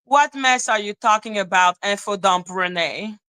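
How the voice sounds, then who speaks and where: Hosting her commentary livestream, the woman swears, mocks and sneers through a rant at normal speed. Her medium-pitched voice is bright, forceful and clean, captured in a low-quality recording.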